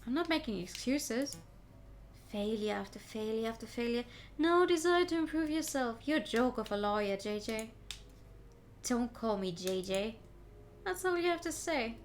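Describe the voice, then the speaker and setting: A woman's voice: on the high side, expressive, moderate pace, lightly acted. A woman voicing a cold, scornful noblewoman in a game, speaking with cutting contempt.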